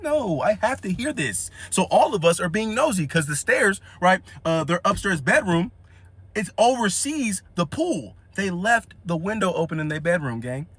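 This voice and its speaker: A young man telling a comedic story in casual slang, acting out the people in it with animated voices. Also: sits high, moderate pace. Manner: animated, acts out quotes in voices.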